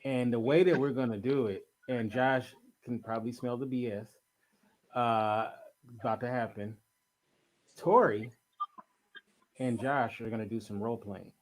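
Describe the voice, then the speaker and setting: A man's voice: mid-range voice, measured pace, pauses often. Upbeat male talk show host. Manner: upbeat, sets up segments. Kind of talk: casual radio talk.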